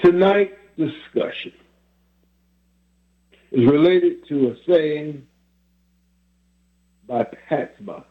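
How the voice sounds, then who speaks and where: Slow-talking guy hosting, thoughtful, chuckles a lot, tinny phone sound. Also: on the high side, lively intonation. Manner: reflective, drawn-out with chuckles. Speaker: host. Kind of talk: casual chat. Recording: phone-like line.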